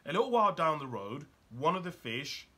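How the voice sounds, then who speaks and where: A man's voice: fairly high pitch, sing-song, brisk, sharp tone, husky. A man talking as a life coach in a motivational monologue, firing off emphatic rhetorical questions.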